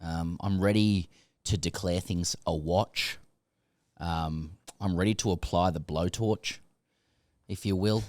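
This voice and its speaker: A man co-hosting a sports podcast, talking in a halting, mock-grandiose way full of ums and uhs. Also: deep voice, fairly even intonation, darkish tone, no room sound. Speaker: co-host. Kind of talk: casual podcast chat.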